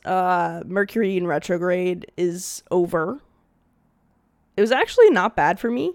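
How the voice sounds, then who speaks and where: A woman's voice: mid-range voice, no echo, studio quality. A woman in her twenties hosting her own podcast in a casual, candid solo chat, with "like" in nearly every phrase. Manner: chatty and candid, heavy use of "like". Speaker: podcast host.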